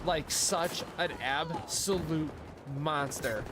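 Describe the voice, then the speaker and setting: Over a noisy crowd, a young livestreamer chats casually while gaming, taking it slowly in a slightly high voice. He rambles, filling his talk with fillers and asides.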